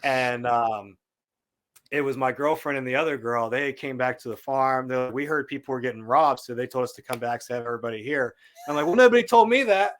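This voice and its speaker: A male podcast guest talks fairly quickly in a mid-range voice, telling an animated, casual story. He brings the quotes to life by acting them out.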